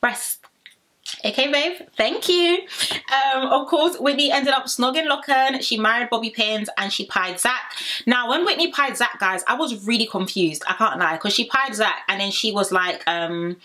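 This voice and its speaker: A woman's voice: a little high, moderate pace. A young woman from Kent, chatting through a sassy recap of a reality show and talking straight to her viewers. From Kent, England. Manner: animated, sassy, addresses viewers directly. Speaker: reality TV reviewer.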